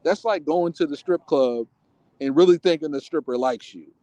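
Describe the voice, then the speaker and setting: Animated rambling male podcast co-host. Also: a little high, normal speed. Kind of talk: casual political chat.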